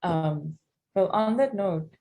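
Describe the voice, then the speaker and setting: A woman's voice: fairly low pitch, animated, slow, mellow. A woman hosting a live audio Q&A, friendly and laughing, with frequent ums. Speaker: host.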